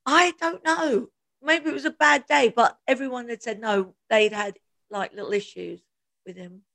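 A podcast co-host with a fairly high voice and vocal fry talks at a moderate pace. She tells stories in a casual chat, animated and laughing often as she acts out quotes.

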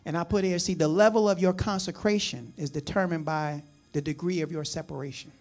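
A man's voice: fairly high pitch, fairly even intonation, a little fast, darkish tone, faint music behind. A man from the New Jersey or New York area preaching a conversational sermon, folksy and chatty with frequent asides and chuckles. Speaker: pastor.

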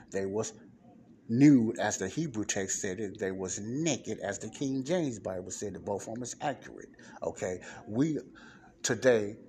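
A man's voice: low-pitched, a little mellow, slight background noise. A man giving an informal Bible lesson in a conversational way, often checking in with his listeners. He reads passages aloud and explains them. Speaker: Bible teacher. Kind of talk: informal scripture teaching. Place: non-soundproof spot in a library.

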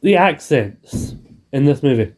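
A man's voice: medium pitch, very animated, measured pace, darkish tone. A man chatting casually on a podcast, rambling with restarts and swearing freely. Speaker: podcast co-host. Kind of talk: casual chat.

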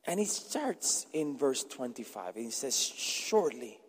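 A pastor preaching a sermon emphatically, repeating words for stress. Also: male voice, medium pitch, sing-song, takes it slowly, slightly rough. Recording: long reverb in a large hall.

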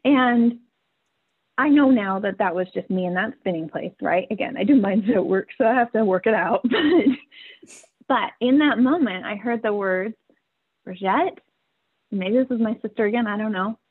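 Over a tinny, phone-quality line, a podcast guest in her forties tells a heartfelt family story with candor, laughing through many of her words. She talks a little fast in a medium-pitched, slightly rough voice.

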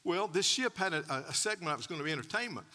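High, bright-voiced preacher man in a reverberant church. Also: animated, rapid-fire. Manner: folksy storytelling with repeated words and chuckles. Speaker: pastor. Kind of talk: sermon. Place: church sanctuary. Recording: church hall with long reverb.

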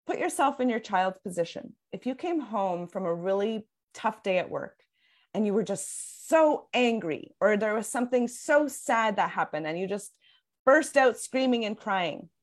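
An earnest woman speaks in a relaxed podcast chat, explaining at length with plenty of "like" and "um" along the way. She talks as a parenting coach, restarting her sentences as she works through her points. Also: medium pitch, normal speed. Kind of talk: casual podcast conversation.

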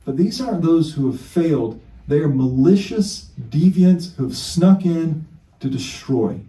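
A man's voice: a little high, lively intonation, measured pace, warm tone, reverberant. A male pastor preaching an emphatic sermon full of rhetorical questions, heard from a distance in a church.

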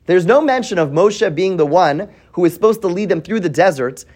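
Animated man teaching a Torah class. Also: sits high, fairly quick. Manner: asks the class questions, thinks aloud with restarts. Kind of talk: weekly Torah portion class.

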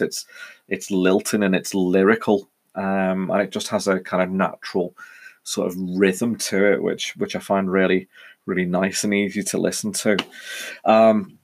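A man with a very low voice and a Northwest English accent mixing Cheshire and Welsh-border tones. He talks through a casual solo podcast in a chatty, meandering way, often stopping to correct himself. He sounds middle-aged. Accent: Northwest English, Cheshire and Welsh-border mix. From England. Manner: rambling, chatty, frequent self-corrections. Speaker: podcast host.

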